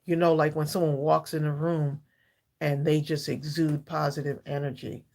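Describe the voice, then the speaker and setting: A woman in her sixties with a gravelly, somewhat low voice, hosting a live stream. She talks in a heartfelt, chatty way, answers her viewers by name and breaks into laughter often. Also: little pitch movement, moderate pace, dark tone. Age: 60s. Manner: heartfelt, chatty, reads viewers' comments aloud and greets them by name; laughs often between thoughts. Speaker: livestream craft channel host.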